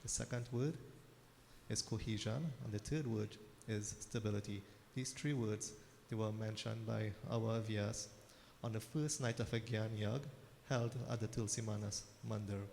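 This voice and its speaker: A man, a pandit giving a measured, formal address at a temple service. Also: on the low side, fairly even intonation, vocal fry, darkish tone. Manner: measured, orderly, counts points in threes. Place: temple hall. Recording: reverberant temple hall, faint noise.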